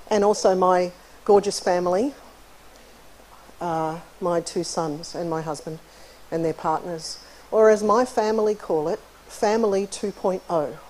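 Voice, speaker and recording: A middle-aged woman giving a friendly, chatty conference lecture in a university hall. She often clears her throat between points. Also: medium pitch, mellow, a little hiss or hum. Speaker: conference keynote speaker, psychologist. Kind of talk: conversational lecture.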